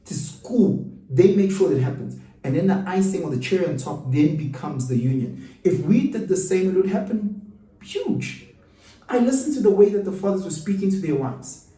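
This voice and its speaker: A middle-aged South African man giving an animated, rhetorical monologue. He asks questions and repeats himself for emphasis. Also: high-pitched, moderate pace. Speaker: host. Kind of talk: casual monologue. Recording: roomy room, mic at a distance.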